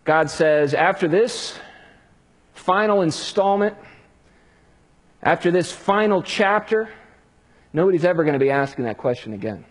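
A man preaching a sermon, building drama with hushed pauses and rising emphasis. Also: a little high, animated. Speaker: pastor.

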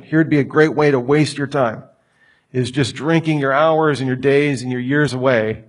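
A man preaching a sermon as pastor, emphatic and conversational, asking the listeners rhetorical questions. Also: a little high. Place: church sanctuary.

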